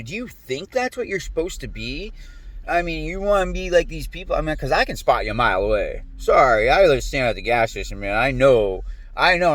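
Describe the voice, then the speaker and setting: A man's voice: on the high side, no room sound. A man delivering a rambling, profane monologue straight to the camera, agitated and full of restarts. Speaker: vlogger. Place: lives in a humid climate.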